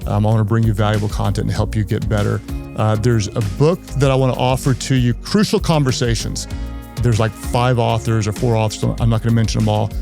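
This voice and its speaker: A man's voice: lowish voice, steady tone, brisk, creaky, over music. A man who is a pastor, hosting a leadership podcast in an earnest way and repeating key phrases for emphasis.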